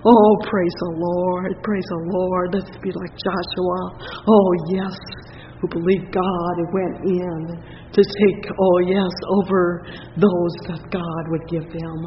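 Fervent high-voiced male preacher. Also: level tone, takes it slowly, slight background noise. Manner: impassioned, rising and falling, repeats praise phrases. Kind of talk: fervent sermon and prayer. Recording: dull recording in a reverberant hall.

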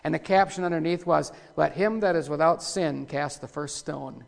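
Rough-talking preacher man in an echoey hall. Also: on the high side, moderate pace. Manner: rough, folksy preaching with sudden loud outbursts. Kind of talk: sermon. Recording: echoey hall with long reverb.

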